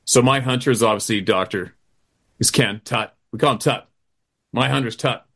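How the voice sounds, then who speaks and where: A man's voice: medium pitch, moderate pace, fairly bright tone. A middle-aged man, a hunting guide, telling a story in casual, profane chat and acting out the quotes.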